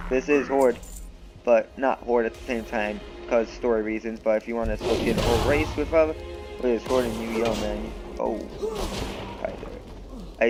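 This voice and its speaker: A young man casually commenting on his gameplay, rambling and offhand, often poking fun at himself. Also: medium pitch. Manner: rambling, offhand, self-mocking. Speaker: gaming channel host. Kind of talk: let's-play commentary.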